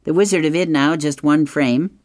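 A man's voice: a little high, no echo. A man hosting a radio show, reading an advice column and describing comic strips aloud with amusement. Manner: unhurried, amused, chuckling while reading. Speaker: radio host.

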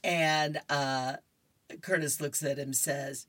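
A woman's voice: deep voice, steady tone, slow, fairly bright tone, dry recording. A woman radio reader cheerfully reading comic strips aloud to listeners. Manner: cheerful, laughs between strips.

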